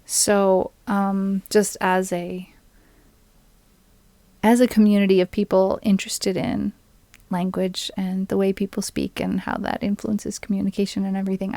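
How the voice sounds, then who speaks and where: A woman streaming live, chatting casually with viewers between songs, soft-spoken and often trailing off into a near whisper. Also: medium pitch, completely flat delivery, moderate pace, no echo. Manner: chatty and recommending, addresses viewers. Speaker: streamer and ukulele singer.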